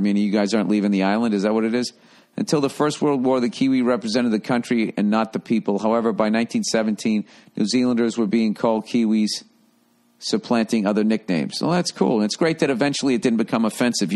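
A man's voice: mid-range voice, darkish tone. A man hosting a comedy podcast who reads listener letters aloud and gives blunt advice with profane, rambling, sarcastic asides. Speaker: podcast host.

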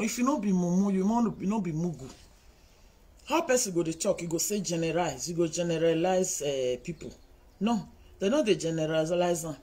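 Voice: medium pitch, lively intonation, moderate pace, husky, low-quality recording. A speaker with a Nigerian accent lecturing online commenters in a scolding, repetitive monologue.

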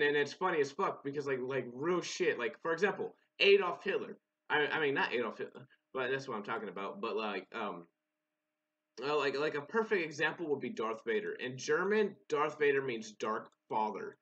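A man's voice: mid-range voice, fairly bright tone, lo-fi sound. A young man giving casual, rambling, profane commentary while playing a game, often restarting his sentences. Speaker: gaming channel host.

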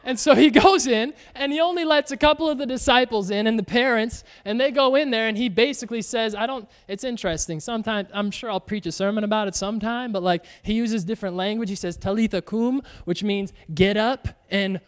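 A young male pastor with a very high voice preaches in a loose, conversational way. He keeps saying "like" and "y'all" and slips into voices to act out the story. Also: fairly quick, hardly any pauses, smooth. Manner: chatty and animated, says "like" and "y'all" often, acts out Bible voices. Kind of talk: casual conversational sermon.

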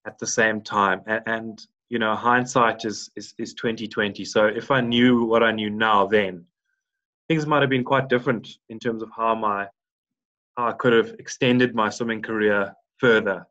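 A man's voice: on the low side, fairly bright tone. A man in his thirties from South Africa, a podcast guest who talks in a rambling way, full of restarts and fillers. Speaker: guest, former Paralympic swimmer. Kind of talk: casual podcast interview. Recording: dull lo-fi sound.

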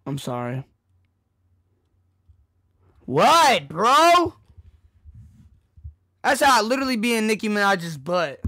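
A young man streaming a casual reaction chat, crude and excitable, jumping between loud outbursts and low mutters into a desk mic. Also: slow, long pauses, no echo. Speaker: streamer reacting to a music video.

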